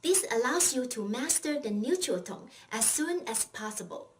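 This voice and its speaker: A woman's voice: a little high, lively intonation, moderate pace, recorded from a distance, a little hiss or hum, rough recording. A woman teaching a recorded language lesson, patiently explaining and leading repeat-after-me drills.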